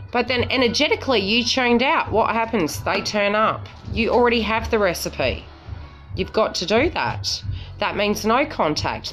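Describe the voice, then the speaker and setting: A woman's voice: medium pitch, a bit bright. A woman psychic reader talking casually to her viewers, blunt and frank, swearing and often asking "right?" to check they follow. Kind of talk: casual spiritual talk to viewers.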